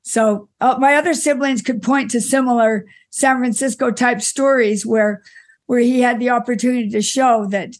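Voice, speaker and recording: A middle-aged woman, an interview guest, fondly telling stories about her father, often restarting her sentences and laughing softly. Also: a little high, fairly even intonation, moderate pace. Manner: warm reminiscing with frequent restarts and soft laughs. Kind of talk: conversational storytelling.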